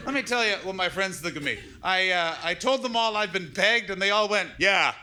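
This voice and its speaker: High-voiced profane stand-up comedian. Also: male voice, a little fast. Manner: profane, self-deprecating, riffing with the audience. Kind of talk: stand-up set with crowd work. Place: comedy club with live audience. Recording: live club mic, loud audience laughter and noise.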